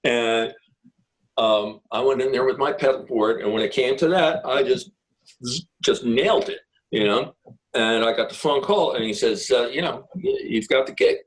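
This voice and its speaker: A man's voice: mid-range voice, normal speed, poor audio. Man, middle-aged, guest guitarist, rambling anecdotes, fillers and restarts. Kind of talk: casual interview storytelling.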